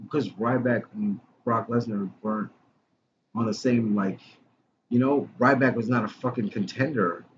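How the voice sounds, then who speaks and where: A man co-hosting a casual podcast, excitable and swearing freely, tossing in bro and dude. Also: medium pitch, normal speed. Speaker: podcast co-host. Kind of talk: casual chat about wrestling. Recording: lo-fi with clear background noise.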